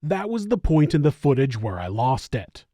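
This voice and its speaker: A man hosting a true crime show in scripted narration, with wry, expressive commentary. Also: medium pitch, moderate pace, dry recording, studio quality. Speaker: true crime channel host.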